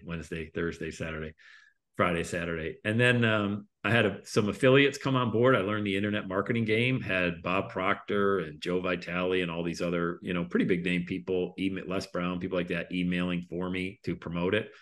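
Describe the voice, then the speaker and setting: A man being interviewed as a guest, telling a story casually. His voice jumps up for the punchlines and trails off quietly at the ends of phrases. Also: brisk. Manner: lively storyteller, voice jumps up for punchlines then drops low. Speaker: interview guest, speaker and coach.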